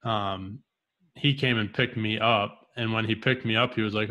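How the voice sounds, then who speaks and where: Podcast co-host, man, low bright voice, lively storyteller. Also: moderate pace, highs cut off. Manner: animated storyteller, acts out quoted dialogue. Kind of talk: casual storytelling chat.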